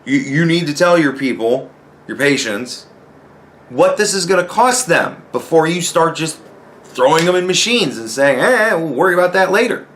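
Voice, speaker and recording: A male host delivers a heated personal rant. His voice sits a little high and leaps around, full of exasperation and profanity. He keeps jabbing at the listener with rhetorical questions. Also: lively intonation, unhurried, fairly bright tone. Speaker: commentary host. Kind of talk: ranting personal commentary.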